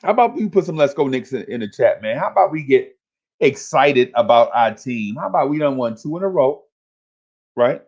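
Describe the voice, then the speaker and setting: A man's voice: medium pitch, big pitch swings, normal speed, darkish tone, lo-fi sound. A man hosting a fan livestream, talking casually and hyping up his chat in repetitive, slangy calls.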